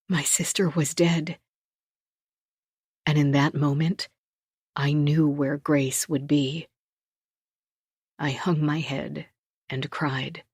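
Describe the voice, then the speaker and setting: A woman narrating a first-person thriller audiobook in a measured, low-key, tense voice, recorded close in a studio booth. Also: little pitch movement, slightly rough, no room sound. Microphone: close studio mic.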